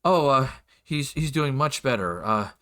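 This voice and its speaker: A man's voice: medium pitch, lively intonation, unhurried, a bit bright, clear, resonant tone. A stammering, nervous mother, as a man puts her on. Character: nervous woman, a worried mother.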